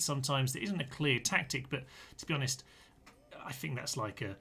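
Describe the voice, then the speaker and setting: A man's voice: mid-range voice, bright, forceful tone. A man commenting on a live-streamed strategy game, chatty and full of ums as he reads out and answers viewers' chat comments.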